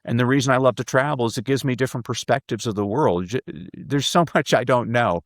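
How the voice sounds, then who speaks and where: This speaker and professor, appearing as a podcast guest, talks fast in a mid-range voice, animatedly storytelling, acting out quotes, and frequently repeating the first words of a sentence before it gets going. The sound is dry and clean, like a studio.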